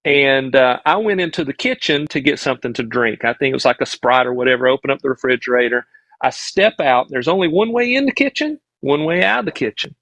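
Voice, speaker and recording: A man's voice: medium pitch, animated, a little fast, a bit bright, no room sound, poor audio. A middle-aged man with a Southern US accent, a podcast guest telling a childhood story in an earnest, rambling way that often restarts its sentences. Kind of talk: casual storytelling on a live stream.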